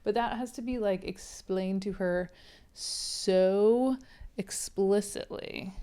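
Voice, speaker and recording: A woman's voice: medium pitch, normal speed, dark tone, clear, resonant tone. Sarcastic woman book reviewer. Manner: sarcastic, chatty.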